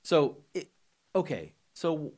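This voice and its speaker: A man co-hosting a casual movie chat, talking in halting bursts with many restarts and a wry edge. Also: fairly high pitch, very animated, a little mellow. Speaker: podcast co-host.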